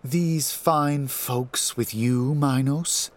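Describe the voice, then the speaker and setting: A man voicing a sinister shapeshifting male demon who speaks slowly, softly and mockingly in a horror story. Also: medium pitch, fairly even intonation, voice pushed up. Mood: taunting. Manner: slow, soft, taunting.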